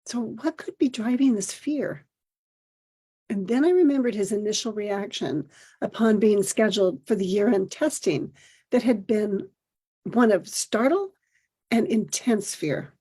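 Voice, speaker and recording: A middle-aged woman hosting a podcast, reading a personal essay aloud in a gentle, measured storytelling manner. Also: mid-range voice, lively intonation, slightly rough. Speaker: podcast host.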